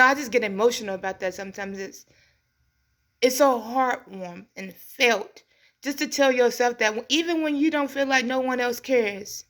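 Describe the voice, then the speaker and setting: A woman's voice: fairly high pitch, fairly bright tone. A middle-aged woman hosting a community show, giving an earnest, heartfelt motivational talk in a preacherly way. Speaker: host. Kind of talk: inspirational monologue.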